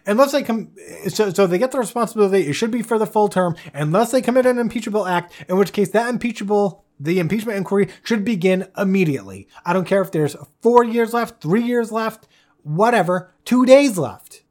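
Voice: mid-range voice, expressive, brisk, darkish tone. Us podcast host going off on a solo rant, heated, swearing, tripping over restarts. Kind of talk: solo political commentary rant.

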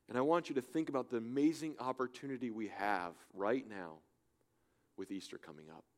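Impassioned male pastor preaching. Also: lowish voice. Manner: impassioned, swings from loud urging to hushed softness. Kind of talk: sermon. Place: church in Germany.

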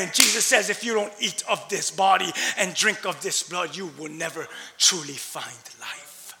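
A man preaching with a high, piercing and bright voice. He swings between loud, impassioned delivery and quiet asides. His sermon rings out with a long hall reverb behind it. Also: normal speed, hardly any pauses. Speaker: pastor.

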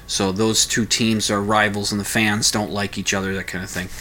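A man's voice: on the low side, little pitch movement, moderate pace, bright, forceful tone, slight background noise. A man talking casually at home, telling a story in a rambling, hesitant way with many restarts. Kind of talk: casual spoken commentary.

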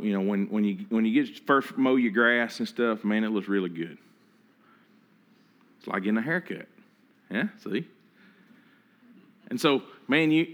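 A man's voice: fairly low pitch, a bit bright. A man preaching a sermon in a conversational way, often repeating words and acting out what people say. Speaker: pastor.

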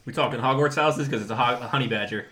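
Male player, wry quips, bright clear tone. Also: medium pitch, quick pace. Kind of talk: casual game banter.

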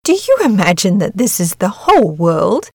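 A fussy, proud mother duck, as a woman reads her out, motherly and fretful in a storybook tale. Her voice sits at an everyday middle pitch. The sound is close and dry. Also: sing-song, normal speed, dark tone, breathy edge, no echo. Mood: fussing.

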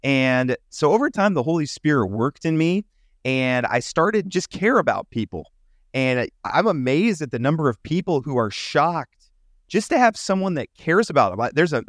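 A man's voice: mid-range voice, no room sound, studio quality. Earnest man telling faith stories. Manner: earnest storytelling, acts out quoted voices. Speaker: entrepreneur guest. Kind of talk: casual faith conversation.

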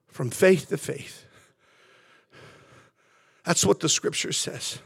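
A man preaching a sermon as pastor, building from quiet reflection to passionate shouting with lots of repetition. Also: a little high, slow pace, gravelly, long pauses, breathy edge, dry recording. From California.

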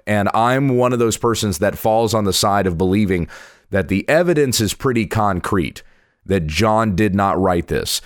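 A man's voice: lowish voice, no room sound, clean studio sound. A man teaching a Bible lesson as a pastor, talking plainly and measuredly, his voice weak from a cold. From Kansas.

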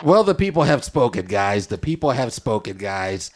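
A man's voice: medium pitch, sing-song, normal speed. A man hosting a casual studio chat show, playful and theatrical, keeps turning to his audience. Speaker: show host.

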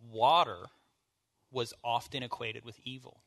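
A man's voice: mid-range voice, steady tone, a little slow, bright, forceful tone. A man leading a church bible study, teaching in an informal, conversational way and asking the group questions. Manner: informal, asks the group questions, casual fillers.

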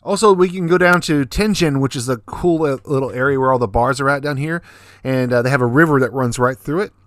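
A man's voice: mid-range voice, a little fast, no echo, clean studio sound. A man co-hosting a podcast, telling casual stories in a laid-back, profane way. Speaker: podcast co-host. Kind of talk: casual chat. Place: Fukuoka, Japan.

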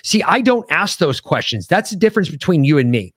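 A man's voice: high-pitched, sing-song, fast, few pauses, no room sound. Middle-aged male podcast host, profane ranter, dry close sound. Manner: profane, ranting storyteller. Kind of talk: casual chat.

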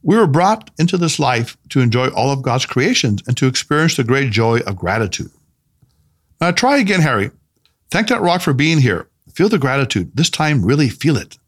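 A man voicing a calm, playful male spiritual teacher in an audiobook, speaking gently, with teasing emphasis. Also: mid-range voice, moderate pace. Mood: gently insistent. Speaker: mentor character in an audiobook. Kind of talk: audiobook character reading.

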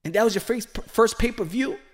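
Emphatic high-voiced male boxing commentator. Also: brisk. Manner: emphatic and repetitive, pleading directly to a fighter.

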